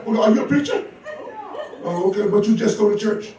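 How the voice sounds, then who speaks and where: A man's voice: sits high, a little fast. An older man from Georgia doing teasing, playful stand-up comedy, chuckling at his own jokes, filmed on a phone from the audience of a large comedy club. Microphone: phone camera from the audience. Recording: echoey club from far off, loud crowd. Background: audience laughter.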